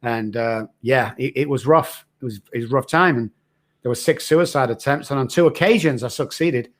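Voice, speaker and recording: Speaking at a normal speed in a mid-range voice, a middle-aged man shares his hard story on a podcast. He's there as a recovery expert, and his account is frank, earnest, and raw.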